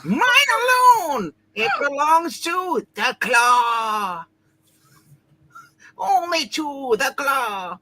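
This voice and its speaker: A woman voicing a power-hungry male comic-book villain, ranting in drawn-out shouts during a comic read-aloud with friends. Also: high voice, sing-song, no echo, voice pushed up, heavily acted. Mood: gloating.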